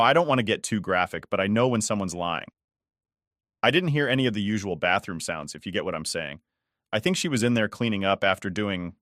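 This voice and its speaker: A man's voice: lowish voice, a bit bright, dry recording, clean studio sound. A man in his thirties narrating a personal story in a casual, conversational way. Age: 30s.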